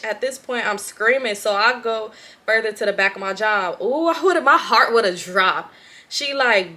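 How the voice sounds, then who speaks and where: A young woman with a Southern Californian accent, a vlogger reading a viewer's story aloud with lots of profanity and animated reactions. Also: on the high side, measured pace.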